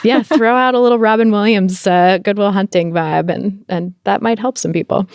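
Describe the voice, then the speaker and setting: A woman's voice: mid-range voice, normal speed, clean tone, no echo, studio quality. A woman hosting a podcast interview, chatting casually, laughing often and filling her talk with "like". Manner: warm-toned, laughs often, chatty with fillers like "like". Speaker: podcast host.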